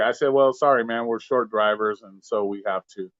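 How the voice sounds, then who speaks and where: A man's voice: mid-range voice, fast, hardly any pauses, fairly bright tone, no echo, highs cut off. A man, a delivery driver, telling stories in casual live-stream chat, blunt and profane, acting out both sides of arguments. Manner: profane, blunt storytelling with quoted back-and-forth. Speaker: gig delivery driver, co-host.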